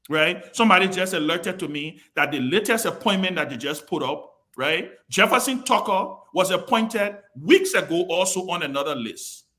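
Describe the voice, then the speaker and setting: Lively high-voiced man. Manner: emphatic, repetitive, scolding. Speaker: panel show chairman. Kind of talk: political talk show commentary.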